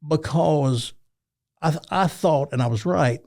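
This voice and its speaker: A man in his seventies from Tennessee, a retired radio talk host, telling stories in an interview with animated delivery. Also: fairly high pitch, a little slow, vocal fry. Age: 70s. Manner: animated storyteller, jumps into other voices. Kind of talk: storytelling interview.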